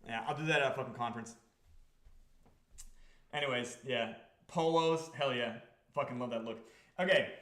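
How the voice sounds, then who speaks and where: A man hosting a livestream about his crypto project, talking to the chat in an excitable, profane, repetitive way. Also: medium pitch, echoey room. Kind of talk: livestream talk to a chat audience.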